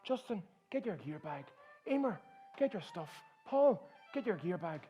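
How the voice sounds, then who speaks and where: A firm, no-nonsense Northern Irish mother voiced by a man barks quick orders in a raised, higher voice. Her tone is urgent and commanding, and it leaves no room for argument. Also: very animated, warm tone, soft background music. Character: firm, brisk middle-aged Irish mother.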